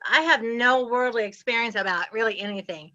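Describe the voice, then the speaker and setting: A woman's voice: on the high side, brisk. A woman, animatedly telling stories as an interview guest and laughing often. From Ohio, US Midwest. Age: 60s. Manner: animated, laughs often, acts out her past self. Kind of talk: casual storytelling interview. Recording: slightly muffled lo-fi audio.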